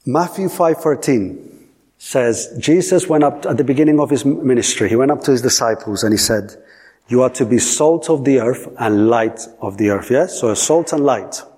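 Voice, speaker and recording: A male preacher delivers a sermon in a husky, slightly breathy voice. He repeats key lines for weight and keeps putting questions to his listeners. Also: mid-range voice, moderate pace, a little mellow. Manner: repetitive, emphatic, asks the audience questions.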